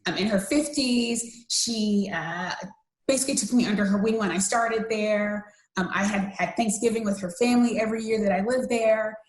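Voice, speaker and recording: A woman in her thirties from the United States, earnestly telling a personal story as a podcast interview guest, with many fillers and restarts. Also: mid-range voice. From USA. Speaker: interview guest, cancer survivor. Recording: roomy echo.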